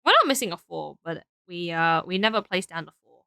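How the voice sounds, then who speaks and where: Young woman, Australian accent, tired, rambling, bright lively voice, dry close sound. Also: fairly low pitch, brisk, creaky, clear, resonant tone, no echo. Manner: tired, rambling, thinking aloud with frequent fillers. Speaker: streamer. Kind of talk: casual live-stream chat while building.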